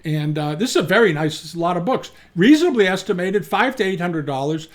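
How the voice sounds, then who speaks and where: A fairly high-pitched man talks through auction results in a loose, unscripted way. He is blunt and opinionated, and he often stops and restarts his sentences as he thinks aloud. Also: animated, brisk. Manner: frank, opinionated, with frequent restarts. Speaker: antiques dealer and auction commentator. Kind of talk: casual commentary.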